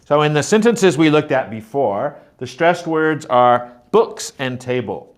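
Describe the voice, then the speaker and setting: A man teaching a pronunciation lesson, speaking deliberately and modeling words and sentences aloud to show stress. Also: on the high side, lively intonation. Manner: slow, deliberate, demonstrating stress patterns aloud. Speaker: teacher trainer.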